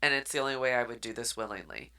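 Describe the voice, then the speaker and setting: A blunt, defiant young heroine , as a woman puts her on. The voice is low and bright, and her lines come out short and sharp. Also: animated, fast talker, exaggerated voice.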